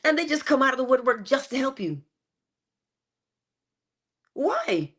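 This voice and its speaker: A woman giving a motivational morning talk, animated and playful, with chatty asides. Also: high voice, unhurried. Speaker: inspirational speaker.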